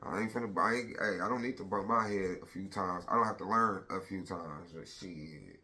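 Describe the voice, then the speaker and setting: A man's voice: low-pitched, moderate pace, bright, forceful tone. A man in his thirties telling a personal story on a casual vlog, blunt and profane, retelling it with lots of energy.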